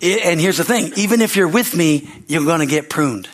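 A man's voice: on the high side, animated, fairly quick. An older man in his sixties preaching a sermon as pastor, folksy and repetitive, tossing "Amen?" to the congregation. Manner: folksy, tells anecdotes with laughter.

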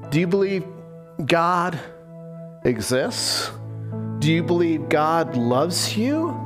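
A male pastor preaching a sermon in church, animated and retelling scripture in lively voices. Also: on the high side, slow, over music.

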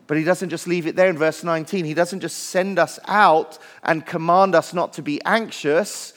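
A man's voice: a little high, fairly even intonation, normal speed, a bit bright, big-room sound. A male pastor preaching a sermon in a church, earnest and building lists with rising emphasis. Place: church sanctuary.

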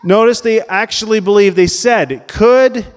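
A man gives a sermon in a conversational, questioning manner, his voice pitched high for a man. The sound carries a long reverb, as in a large church hall. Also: measured pace. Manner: conversational preaching, questions the congregation. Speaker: pastor.

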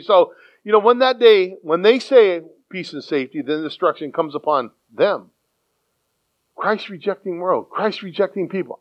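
A man preaching a sermon in an animated way, acting out quoted voices and often repeating his words. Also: high-pitched, moderate pace. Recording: dull lo-fi sound.

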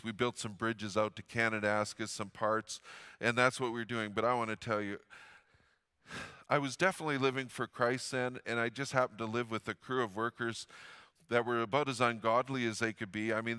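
A middle-aged man delivers a sermon with a bright, ringing voice. He tells stories in an earnest way, pushing hard on key words and then dropping almost to a murmur. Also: mid-range voice, clean tone. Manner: earnest storytelling, swings from loud emphasis to hushed quiet. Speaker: pastor.

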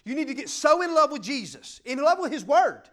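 A middle-aged man preaching a sermon, fervent and emphatic, swinging between loud declarations and quiet asides. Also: very high voice, big pitch swings, fairly quick. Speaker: pastor.

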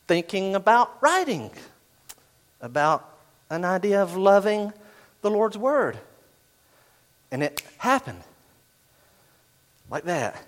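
A middle-aged man preaching a sermon, animated, swinging from loud bursts to hushed asides. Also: high voice. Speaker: pastor.

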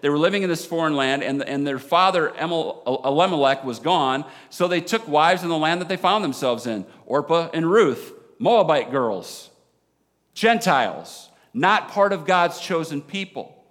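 A man with a Southern American accent preaching a sermon as a pastor, animated, dropping low and quiet for emphasis. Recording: long hall reverb.

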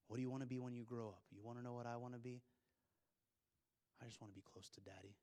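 Young man, pastor, sermon, storytelling, hushed to loud and excited, middle pitch, reverberant hall. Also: fast, pauses often.

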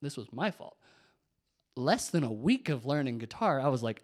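A young man, a youth pastor, telling a personal faith story, animated, whispering when he quotes people and laughing at himself. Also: mid-range voice, moderate pace.

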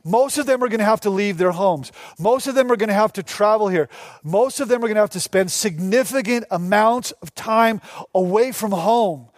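Male pastor, sermon delivery, fairly high voice, close dry sound, acts out the lines he quotes. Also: dry recording. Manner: animated, acts out quoted dialogue.

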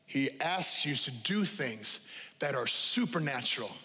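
A male pastor preaching a lively, conversational sermon to a congregation, repeating key phrases and dropping humorous asides. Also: mid-range voice, measured pace. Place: church auditorium with live congregation. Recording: long hall reverb.

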